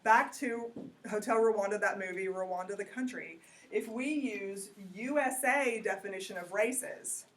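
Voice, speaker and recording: A woman teaches a college geography class. Her voice sits at an ordinary middle pitch, and she keeps the lecture loose and conversational, often turning questions back to the students. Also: unhurried, fairly bright tone.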